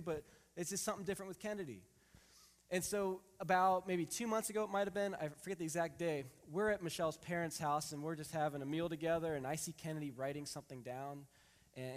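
A man in his thirties preaching a sermon, reading scripture and telling a family story in a lively, animated way. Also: fairly high pitch. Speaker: pastor. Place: church hall. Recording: long hall reverb.

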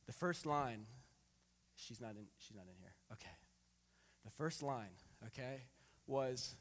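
A man in his thirties preaching a sermon, reading scripture and telling a family story in a lively, animated way. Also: mid-range voice, fairly quick. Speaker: pastor. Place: church hall. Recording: long hall reverb.

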